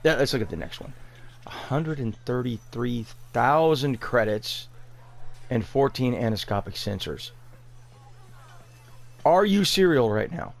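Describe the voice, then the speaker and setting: A man's voice: medium pitch, lively intonation, measured pace, creaky, pauses often. A man giving sarcastic, incredulous commentary over gameplay, ranting with exasperation. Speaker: gaming video creator.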